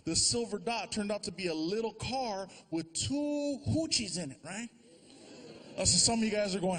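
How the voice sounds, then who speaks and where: High-voiced animated stand-up man. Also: moderate pace. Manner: animated storyteller acting out voices. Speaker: stand-up comedian. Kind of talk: stand-up comedy storytelling. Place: large theater before a live audience. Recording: live show with loud crowd noise.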